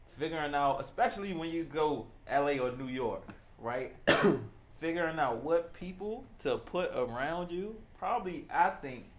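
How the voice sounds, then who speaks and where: A man hosting a casual conversation, relaxed, backing up his guest with frequent "yeah, yeah". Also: on the high side, normal speed.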